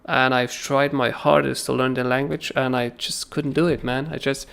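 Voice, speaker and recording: Male livestream host with a gravelly voice; loose, animated trading commentary. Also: medium pitch, normal speed. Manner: animated, keeps asking "right?", swears casually. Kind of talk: casual chart analysis on a livestream.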